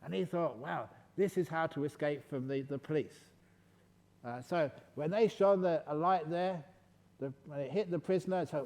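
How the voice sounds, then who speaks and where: A man giving a calm, gentle meditation talk at a retreat, slipping in playful jokes. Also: a little high, normal speed, in a large hall. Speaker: meditation teacher.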